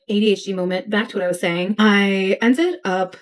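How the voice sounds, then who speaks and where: A woman's voice: mid-range voice, fairly quick. A woman vlogging casually at her computer, rambling candidly and swearing now and then. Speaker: vlogger, head of social media. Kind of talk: casual vlog chat. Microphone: computer camera.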